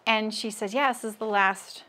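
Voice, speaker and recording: A woman's voice: mid-range voice, fairly even intonation, moderate pace, background noise. A woman in her thirties hosting a casual sewing livestream, chatting with viewers and laughing at her own jokes as she works.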